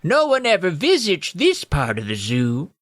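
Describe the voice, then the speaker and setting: A man voicing small rude male gnomes in a storybook reading, with a high squeaky voice. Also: wildly swooping pitch, measured pace, a bit bright, dry recording, exaggerated voice. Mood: secretive.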